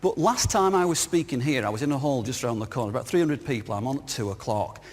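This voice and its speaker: A northern English man gives a jokey, anecdotal business talk at a conference, quizzing his audience as he goes. His mid-range voice is animated and fast with a breathy edge. He wears a clip-on lapel mic in a large hall full of people, and the room's reverberation is audible.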